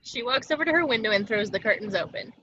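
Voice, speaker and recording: A woman reading stage directions in a plain, even way over a video call. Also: fairly high pitch, fast, highs cut off, slight background noise.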